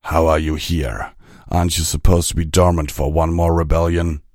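A man's voice: very deep voice, flat delivery, moderate pace, darkish tone, dry recording. A man voicing a weary, defiant old male pony demigod who speaks in a dry manner.

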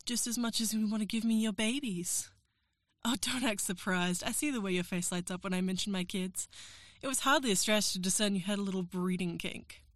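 A woman's voice: mid-range voice, brisk, fairly bright tone, no echo, clean studio sound. A woman performing an erotic audio role-play as a professor, teasing, coaxing and giving orders.

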